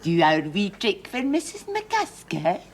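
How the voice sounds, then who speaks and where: A woman's voice: mid-range voice, huge pitch swings, slow pace, heavily acted. An actress playing a doting woman who owns a parrot, cooing baby talk to her pet. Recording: old TV sketch with loud background noise.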